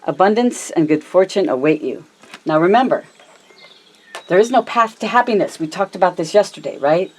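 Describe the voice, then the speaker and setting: Woman tarot reader with a low voice, casual and affectionate, talks straight to camera and leans on words by slowing down. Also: lively intonation. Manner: chatty, affectionate, addresses viewers as my loves and honey; varies her pitch and pace a lot, slows down for emphasis.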